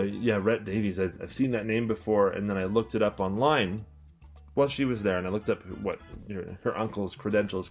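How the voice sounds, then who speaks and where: Low-voiced enthusiastic young Canadian man. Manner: enthusiastic, rambling with many fillers and restarts. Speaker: record collector and store owner, channel host. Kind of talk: casual album-review chat to camera.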